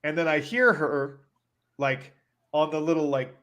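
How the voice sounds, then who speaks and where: A man co-hosting a podcast, telling a story in a casual, animated way and leaning on "like" as he talks. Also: fairly high pitch, a little slow. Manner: animated storyteller, heavy use of "like". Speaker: podcast co-host.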